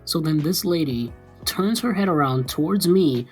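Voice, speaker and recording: A man's voice: fairly high pitch, animated, normal speed, a little mellow, faint music behind. A young man telling a story in a rambling, sarcastic way, full of fillers. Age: young adult. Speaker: storytime vlogger. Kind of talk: casual storytelling.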